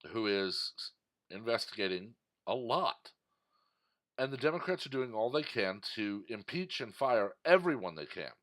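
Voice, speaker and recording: A man's voice: fairly low pitch, fairly bright tone. Indignant man ranting in a commentary. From Texas. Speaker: political commentator. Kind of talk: opinion commentary monologue.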